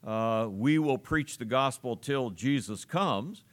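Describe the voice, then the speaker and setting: A man preaching a sermon to his congregation, earnest and steady, with frequent pauses and fillers as he explains scripture. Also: mid-range voice. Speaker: pastor.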